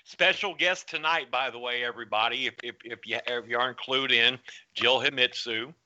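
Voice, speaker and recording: Halting podcast host man, bright voice. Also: medium pitch, lo-fi sound. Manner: rambling, halting restarts. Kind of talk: casual podcast chat.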